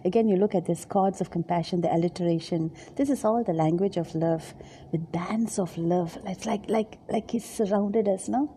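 A woman with a deeply mellow, dark-toned voice leads a devotional Bible reflection. She speaks gently and haltingly, often repeating words, and sometimes sinks into a soft whisper. A faint noise sits under her voice. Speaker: Bible teacher.

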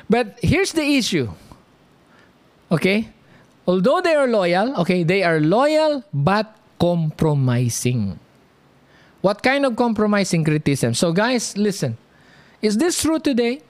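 A man preaching a sermon, talking slowly and animatedly and checking in with the audience often. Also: high voice, no room sound. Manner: lively, animated, drawn-out delivery, frequent "okay?" check-ins. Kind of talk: sermon teaching.

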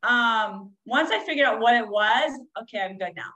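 A woman's voice: on the high side, animated, moderate pace, sharp tone, low-quality recording. Candid woman telling a personal story. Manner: candid, rambling with frequent fillers. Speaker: coach.

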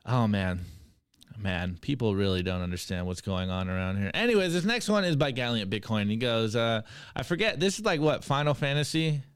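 A male podcast host reading and reacting to memes in an energetic, hype way. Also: mid-range voice, moderate pace, clean tone, no room sound, studio quality. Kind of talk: meme review segment on a podcast.

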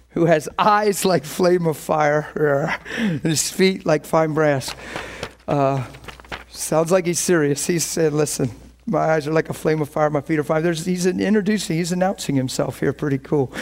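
A male pastor preaching with passion, telling stories and acting out his own inner thoughts. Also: fairly high pitch. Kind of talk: sermon.

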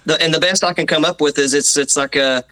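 A man's voice: on the high side, steady tone, fast talker, pushed and bright, rough recording. A man with a Southern Appalachian accent, a musician being interviewed, talking casually with restarts and self-deprecating asides. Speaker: musician guest.

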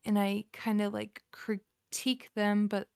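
Woman guest, gravelly fry in the voice, easygoing filler talk, dry close sound. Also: medium pitch, a little slow, no echo. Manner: relaxed, filler-heavy. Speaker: voice actor guest. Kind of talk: casual chat.

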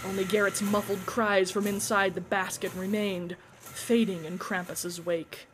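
A woman telling a story with an expressive, dramatic reading. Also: medium pitch, a little slow, background noise. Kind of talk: storytelling narration.

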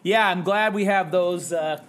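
Male guest, teacher, lively self-mocking storyteller, voice a bit higher than most. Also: a little slow, slight background noise. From Wisconsin, US. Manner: self-deprecating, animated storyteller. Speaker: podcast guest, high school English teacher. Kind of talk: casual podcast chat, storytelling.

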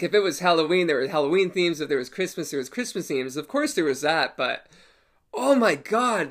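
A man with a fairly high voice tells a story in a loose, casual way. His pitch swings widely as he acts out the scene, and he laughs and swears often. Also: a bit bright.

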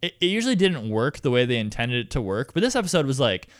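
A man's voice: mid-range voice, sing-song, fast, dry recording, studio quality. A man co-hosting a casual podcast, chatting and laughing as he recaps an episode and quotes the characters. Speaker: podcast co-host.

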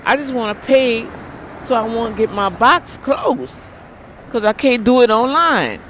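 A woman's voice: a little high, a little slow. Woman vlogger recounting a run-in from her car, emphatic and prayerful, light background hum. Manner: animated, exclaims prayers, repeats herself. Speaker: ministry leader. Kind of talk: storytelling vlog rant.

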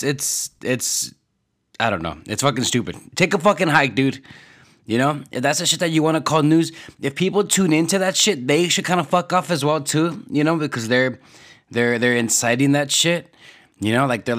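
A man's voice: mid-range voice, normal speed, fairly bright tone. Male podcast host, casual rant, profane, rambling, filler-heavy.

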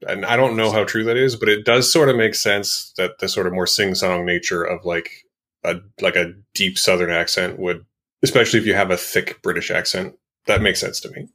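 A man's voice: deep voice, fairly even intonation, brisk, sharp tone. A man co-hosting a podcast in casual chat, rambling a little and joking at his own expense. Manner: rambling, self-deprecating, chuckles at his own jokes. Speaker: podcast co-host.

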